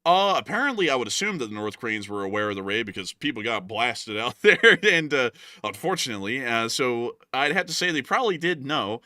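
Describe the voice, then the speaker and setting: A man's voice: mid-range voice, big pitch swings, a little fast, few pauses, sharp tone, dry recording. A young man from Alabama co-hosting a casual live question-and-answer chat, joking and laughing often, close to the mic. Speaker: co-host.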